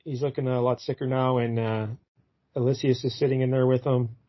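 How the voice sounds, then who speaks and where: A man co-hosting a podcast, retelling a comic book in a casual, rambling way, often pausing on "uh". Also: mid-range voice, level tone, muffled recording. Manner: rambling, fills gaps with "uh", acts out quotes loosely. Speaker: podcast co-host.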